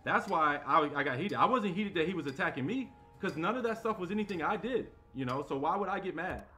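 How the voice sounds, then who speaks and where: Loud, forceful man streaming a game. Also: on the high side, animated, fairly quick, soft background music. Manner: loud talker, voice carries; heated, defensive, sets the record straight. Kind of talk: live-stream rant while playing.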